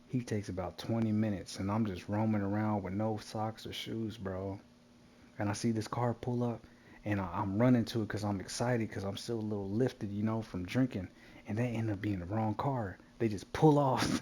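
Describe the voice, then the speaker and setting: A man telling a wild story in casual chat while gaming, animated and profane, laughing often. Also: fairly low pitch, moderate pace, slight background noise.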